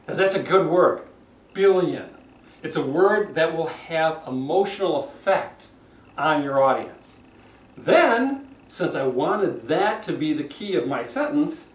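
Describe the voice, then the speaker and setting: Animated man coaching public speaking. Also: on the high side. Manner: demonstrates phrasing with dramatic pauses and emphasis. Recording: echoey room from far off with faint noise.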